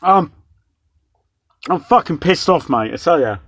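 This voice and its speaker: A man's voice: fairly high pitch, lively intonation, a little slow, a bit bright, no room sound. A young man ranting as he reviews a takeaway meal, swearing constantly and rambling in exasperation, recorded indoors on a phone or camera held close. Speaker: vlogger reviewing takeaway food. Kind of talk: casual ranting food review.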